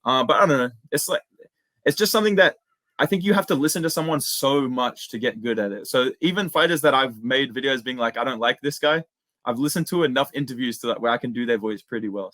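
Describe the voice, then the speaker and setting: A young man with an Australian accent chatting casually as an interview guest, slangy and relaxed. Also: medium pitch, dry recording. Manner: laid-back, slangy, says "man" and "bro" a lot. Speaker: guest, MMA YouTuber.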